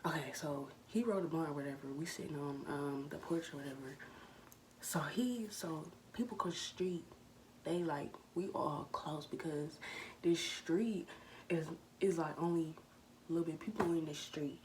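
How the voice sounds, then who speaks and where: A woman's voice: low-pitched, moderate pace, a little mellow, a little hiss or hum, poor audio. A young woman telling a rambling storytime vlog straight to her viewers, often dropping into a whisper. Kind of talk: storytime vlog, casual chat.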